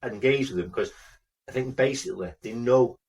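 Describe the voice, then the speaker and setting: A man's voice: medium pitch, moderate pace, darkish tone, husky, recorded from a distance. A man co-hosting a podcast, chatting with many fillers and doing mock-polite impressions. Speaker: podcast co-host. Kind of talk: casual chat.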